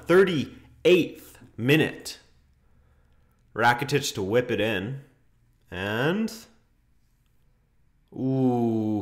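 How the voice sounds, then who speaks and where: Chatty young man streaming a match. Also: medium pitch. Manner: chatty, laughs often, reacts with ooh and hoo to the match. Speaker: streamer hosting a football watchalong. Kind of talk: casual live-stream commentary and chat reading.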